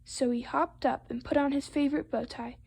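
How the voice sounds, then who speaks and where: A woman reading a picture book aloud to children, expressive and playful with the sound words. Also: high voice, fairly quick, gravelly. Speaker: storytime reader.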